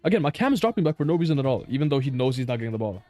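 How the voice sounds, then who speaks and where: A man's voice: mid-range voice, very animated, rapid-fire, dark tone, no room sound. A man reviewing his own match footage in casual commentary, blunt and exasperated, swearing and laughing in disbelief at mistakes.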